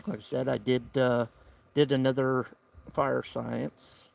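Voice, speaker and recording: A man's voice: medium pitch, little pitch movement, slow, vocal fry. A man with a Southern US accent hosting a casual camping livestream outdoors, talking in an easygoing, rambling drawl. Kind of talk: casual live-stream chat. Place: outdoor campsite by the woods.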